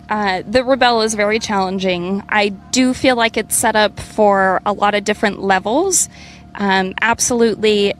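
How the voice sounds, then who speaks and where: Measured woman giving practical advice. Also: medium pitch, slight background noise. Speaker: rally competitor. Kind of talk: casual interview. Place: outdoors at an event finish line.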